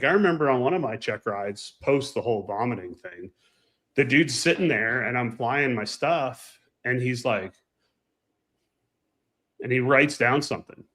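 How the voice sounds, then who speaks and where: A man chatting casually as a show co-host, telling animated flying anecdotes and acting out the people in them. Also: mid-range voice. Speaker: co-host, former flight instructor. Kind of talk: casual storytelling chat.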